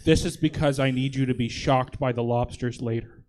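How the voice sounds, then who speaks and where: A man doing comedic improv on stage, reading oddly precise instructions in a deadpan way, often breaking into laughter. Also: medium pitch, moderate pace.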